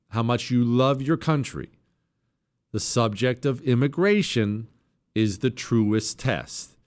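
Talk radio host, male, mid-pitched voice, emphatic and sarcastic, mocks opponents. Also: smooth. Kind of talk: political talk radio monologue.

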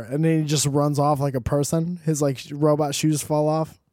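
Dark-toned man riffing comedically. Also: on the high side, flat delivery, normal speed, few pauses, no echo, studio quality. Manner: rambling, profane, joking asides. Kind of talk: casual comedic monologue.

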